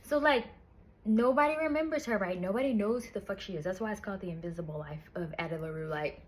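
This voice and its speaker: A woman's voice: mid-range voice, quick pace. A woman in a casual book review chat, retelling the story in a chatty, profane way with lots of "like".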